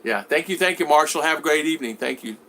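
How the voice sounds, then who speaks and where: On a laid-back home livestream, this vlogger reads viewer comments out loud and then responds. His high-leaning voice is bright and forward, with lively intonation and a fast pace, and he rambles, restarts sentences and repeats words.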